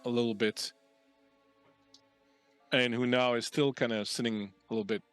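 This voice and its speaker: A man's voice: mid-range voice, fairly even intonation, moderate pace, smooth, dry recording, faint music behind. A man as game master, narrating a tabletop game in a casual, explaining way.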